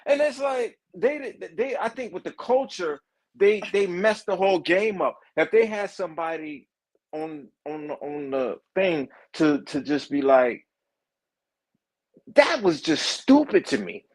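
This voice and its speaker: A man, chatting casually as co-host in an animated, profane, mocking way. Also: sits high, measured pace, low-quality recording. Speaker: co-host reacting to trial footage. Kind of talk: casual chat.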